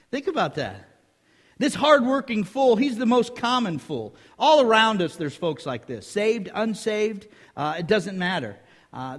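A preacher delivering a sermon in a folksy, chatty way, his fairly high voice swinging up and down. Each phrase carries a long reverb from the hall. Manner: folksy and conversational, with laughs.

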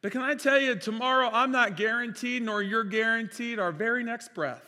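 A man preaching a sermon as pastor, impassioned, swinging between loud declarations and quiet storytelling. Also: very high-pitched, moderate pace. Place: church sanctuary. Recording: reverberant church hall.

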